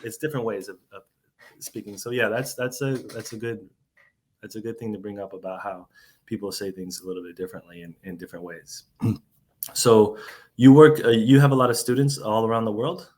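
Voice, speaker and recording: Host: american man, lowish voice, halting casual interviewer, lots of restarts. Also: steady tone, a little mellow. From United States. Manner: halting, many restarts and fillers.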